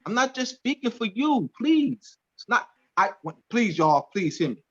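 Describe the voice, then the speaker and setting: A man's voice: sits high, expressive, normal speed, a bit bright, breathy edge. A man teaching a class on a video call, speaking emphatically and repeating key phrases. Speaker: class instructor. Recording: dull lo-fi call audio.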